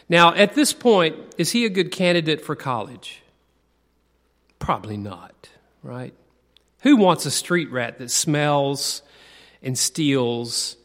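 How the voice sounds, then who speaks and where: A man giving a conversational sermon, asking the audience questions and slowing down to lean on key words. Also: mid-range voice, a bit bright. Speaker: preacher. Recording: long reverb of a large hall.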